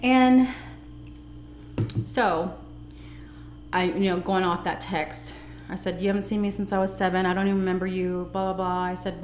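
A woman's voice: medium pitch, echoey room, a little hiss or hum. A young adult woman chatting animatedly as she tells a personal story and acts out the dialogue. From United States. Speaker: vlogger. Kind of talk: storytelling while eating.

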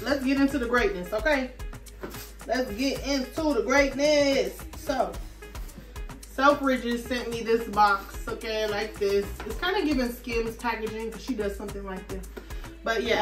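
A woman vlogger with a voice on the high side chats sassily and animatedly to viewers during a fashion try-on haul, peppering her talk with "okay" and "y'all." She's off-mic and distant in an echoey room, with faint music behind her.

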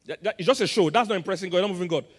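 Nigerian male pastor, lively call-and-response sermon, higher-pitched, reverberant church hall. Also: very fast. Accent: Nigerian English. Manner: call-and-response preaching, quizzing the congregation. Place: large church auditorium.

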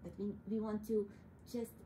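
A woman's voice: medium pitch, level tone, normal speed, rough recording. A woman with a Russian accent teaching a piano lesson, patient and coaxing, calling her student sweetie. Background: piano playing.

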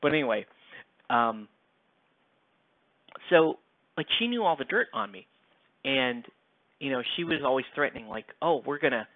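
A man's voice: medium pitch, dry recording. Rambling young man, tinny and dry. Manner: rambling, self-mocking, reads chat comments aloud. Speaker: painting streamer. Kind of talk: casual chat while painting. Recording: dry, tinny, phone-like sound.

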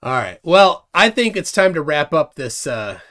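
A man from Minnesota co-hosting a casual livestream aftershow, reading viewer comments aloud with halting restarts. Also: on the high side, big pitch swings, fairly bright tone. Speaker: show co-host.

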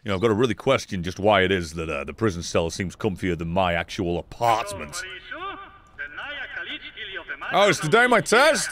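A young man giving sarcastic, swearing commentary while playing a game, with sudden loud outbursts. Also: sits low, sing-song, brisk. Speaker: gaming YouTuber. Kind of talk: let's play commentary.

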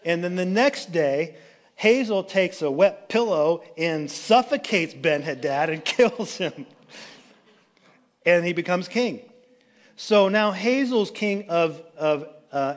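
A man giving a sermon as a pastor, retelling a Bible story in a loose, chatty way with jokey asides. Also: a little high. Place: church sanctuary.

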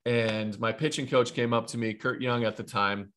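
A man in his thirties from Ohio, a retired baseball pitcher telling stories as an interview guest, rambling with frequent restarts and asides. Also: steady tone, normal speed, a bit bright. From Ohio, USA. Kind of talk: casual interview storytelling.

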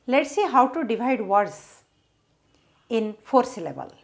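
Woman teacher going thru words syllable by syllable, real slow, repeats everything, bouncy up and down voice. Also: a little high, sing-song. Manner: repeats each word slowly, breaking it into syllables. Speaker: English teacher. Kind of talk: slow word-by-word pronunciation lesson.

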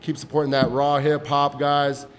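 A man's voice: a little high, little pitch movement, moderate pace, slight background noise. A man hosting a casual hip hop podcast, laid-back and slangy, cursing freely. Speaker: podcast host.

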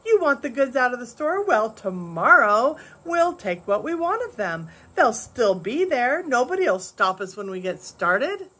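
A big, booming rail-camp man from a storybook, rowdy and jovial as he bosses a crowd about , put on by a grandmother reading aloud. His voice sits higher and louder than the reader's own, a little breathy at the edges. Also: big pitch swings, a little slow, hardly any pauses, heavily acted. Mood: boisterous. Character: loud rough rail-camp man, boisterous.

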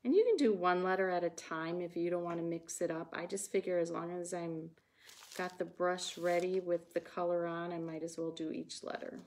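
A woman with a Wisconsin accent hosts a casual craft livestream, chatting with viewers as she paints. Her voice is fairly low and a little mellow, delivered at normal speed.

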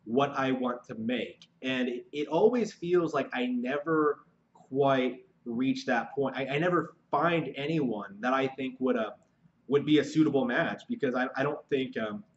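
Male vlogger, mid-range voice, halting and frustrated, lots of ums and restarts, slightly muffled lo-fi recording. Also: medium pitch. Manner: halting, many fillers and repeated restarts; frustrated, searching for words. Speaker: aspiring novelist vlogger. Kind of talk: unscripted monologue to camera.

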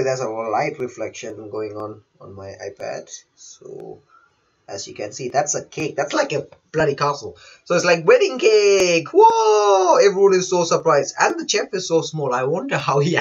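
Man hosting a manga reaction, a bit high and husky, dull lo-fi recording, non-native English speaker. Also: moderate pace. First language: not English. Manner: chatty, reads panels aloud, laughs often. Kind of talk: live reaction commentary.

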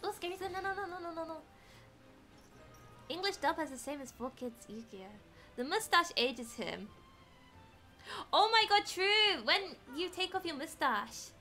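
A woman streaming a video game, playful and excitable, mixing in Japanese as she comments. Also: very high-pitched, measured pace, pauses often, faint music behind. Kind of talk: casual gameplay commentary.

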